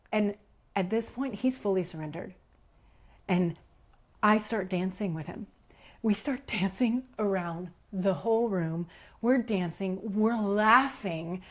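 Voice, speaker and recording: A woman guest recounting a personal experience in an interview, animated and giggly, acting out quotes and dropping to a whisper at tense moments. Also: mid-range voice. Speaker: leadership coach, guest. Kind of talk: personal storytelling in a podcast interview.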